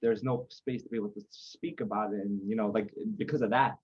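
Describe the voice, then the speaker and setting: A man's voice: fairly low pitch, steady tone, brisk, darkish tone, breathy edge, dull audio. A man talking as a podcast guest in a loose, rambling way, circling back and restarting his thoughts. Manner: rambling, lots of fillers and restarts. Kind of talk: casual conversation.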